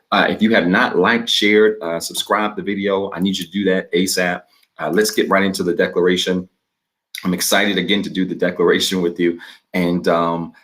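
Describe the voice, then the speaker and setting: Low-voiced earnest male church teacher. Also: fairly bright tone. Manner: earnest, exhorting preacher; leads a spoken declaration, pausing for repetition. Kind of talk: livestreamed church sermon.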